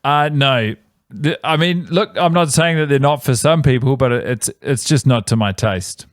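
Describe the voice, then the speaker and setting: A man's voice: mid-range voice, moderate pace, no room sound. A male comedian co-hosting a podcast, riffing in a dry, rambling way. His voice sits mid-range, and the recording is dry and close. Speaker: podcast co-host. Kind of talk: casual comedy podcast chat.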